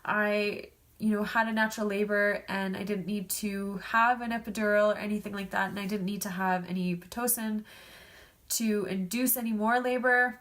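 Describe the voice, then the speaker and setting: A woman's voice: medium pitch, a bit bright. A woman in her thirties with a stuffed-up nose, chatting casually to camera as a vlogger and filling her talk with "like" and "um". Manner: chatty, lots of "like" and "um". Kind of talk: casual storytelling vlog.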